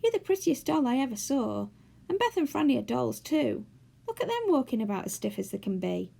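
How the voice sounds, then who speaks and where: A woman voicing a brisk, bossy boy who has turned into a toy in a storybook. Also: high-pitched, very animated, gravelly, dark tone, voice pushed up, heavily acted. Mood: admiring. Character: bold boy turned toy, tumbling about.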